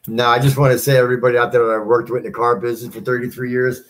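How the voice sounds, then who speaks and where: A man's voice: mid-range voice, little pitch movement, fast talker. A man in his fifties, a former car salesman, chatting easily as an interview guest, swearing casually. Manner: easygoing, swears casually, laughs often.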